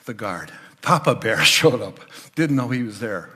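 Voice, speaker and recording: An older man giving a storytelling sermon as a guest speaker in church, sometimes voicing the people in his stories loudly. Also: lowish voice, sing-song, moderate pace, a little hiss or hum. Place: church sanctuary.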